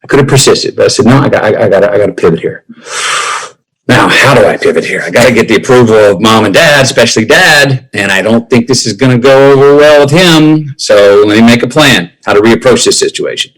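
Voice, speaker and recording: A man in his fifties, a podcast guest, telling a personal story in an unhurried drawl and acting out remembered conversations. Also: medium pitch, fairly bright tone, husky, poor audio. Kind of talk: reflective storytelling.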